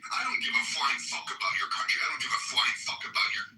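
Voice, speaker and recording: A man's voice: fast talker, music in the background. A man in a heated online audio-room argument, taunting and swearing aggressively. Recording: roomy, distant audio-room capture.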